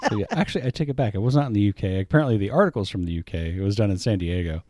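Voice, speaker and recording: A married man co-hosting a podcast, speaking in a low, mellow voice. He teases his co-host in a dry way and swears now and then. The sound is dry and close. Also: rapid-fire, no room sound. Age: adult, married ten years. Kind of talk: casual chat.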